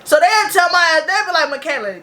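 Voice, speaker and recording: High, bright-voiced young woman ranting casually. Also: fairly quick. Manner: loose, profane slang-heavy storytelling. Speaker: reaction video host. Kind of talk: casual reaction vlog.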